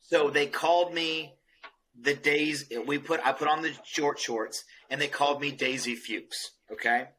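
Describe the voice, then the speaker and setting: A man's voice: fairly high pitch, a little slow, sharp tone, a little hiss or hum, rough recording. A man guesting on a podcast, telling jokey stories in casual chat and checking in with the listener as he goes. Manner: jokey storyteller, checks in with "okay?". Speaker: roofing company guest.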